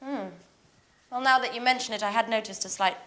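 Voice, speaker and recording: A woman's voice: a little high, a little fast, sharp tone. An actress playing a young woman's dry, teasing friend in a scripted sitcom for English learners. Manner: wry and teasing.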